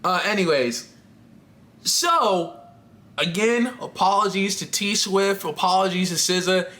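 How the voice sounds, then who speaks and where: A woman's voice: medium pitch, measured pace, a bit bright. A trans woman vlogging to camera in a candid, rambling chat, laughing often and swearing casually.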